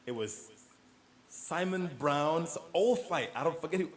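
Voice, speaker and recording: Relaxed man from New York. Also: a little high, a little slow. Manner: relaxed, storytelling, laughs easily. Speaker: guest. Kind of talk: casual interview conversation.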